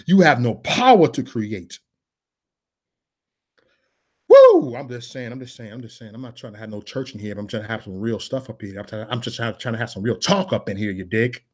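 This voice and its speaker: A man delivering a preachy, freewheeling monologue, repeating his phrases in a sermon-like cadence and mixing in casual slang, swinging from loud declarations to mumbled asides. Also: fairly low pitch, fast, few pauses. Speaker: political vlogger. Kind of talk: preachy live-stream monologue.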